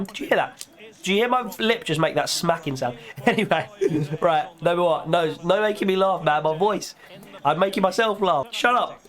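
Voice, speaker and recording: A young man giving casual, jokey commentary over a football video game, his voice a little strained. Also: fairly high pitch. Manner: chatty, jokey, excitable play-by-play. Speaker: gaming YouTuber.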